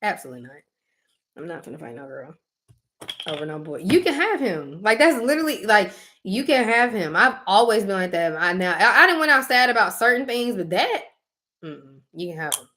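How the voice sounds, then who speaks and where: A young adult woman co-hosts a casual chat, telling stories with animation, acting out quotes, and dropping frequent fillers and laughing asides. Her medium-pitched voice moves fairly quickly, with slight background noise.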